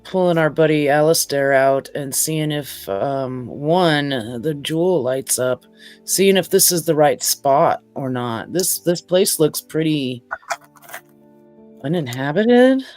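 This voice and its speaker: A woman playing a tabletop game, soft-spoken and hesitant with many fillers. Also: low-pitched, expressive, slow pace, faint music behind. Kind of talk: casual game chat.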